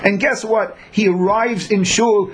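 A man's voice: high voice, fairly even intonation, takes it slowly, slight background noise. A man teaching a Talmud class who acts out the people in his examples. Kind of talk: Talmud lecture.

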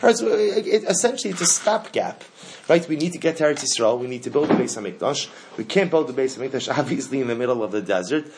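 A man's voice: mid-range voice, animated, fast, heavy background noise. A man teaching a Torah lesson to a class. He asks the students questions and repeats the key phrases.

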